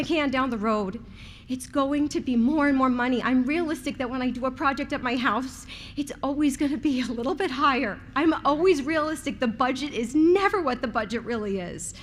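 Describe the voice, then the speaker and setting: A woman's voice: high-pitched, fairly quick, a little hiss or hum. A woman in her thirties, a resident speaking at a school committee meeting, nervous and tearful as she pleads in an emotional, heartfelt way. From outside Rhode Island. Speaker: resident giving public comment.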